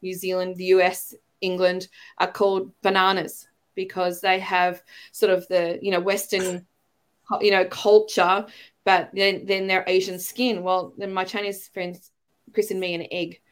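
A woman's voice: lowish voice, little pitch movement, unhurried, clean tone. A middle-aged woman with an Australian accent, a podcast guest talking in a rambling, chatty way with light laughs between phrases. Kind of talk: casual interview chat.

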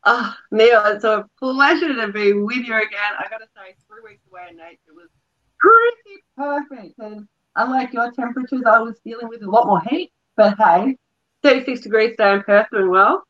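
Friendly female co-host on a live stream, slightly high pitch, lo-fi audio. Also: expressive, normal speed, a bit bright. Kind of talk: live online show hosting.

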